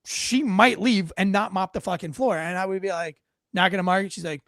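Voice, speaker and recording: High-voiced man telling rambling stories. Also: quick pace, fairly bright tone, no echo, clean studio sound. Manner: rambling storyteller, swears freely, acts out quotes. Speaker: host, former police officer. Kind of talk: casual livestream chat.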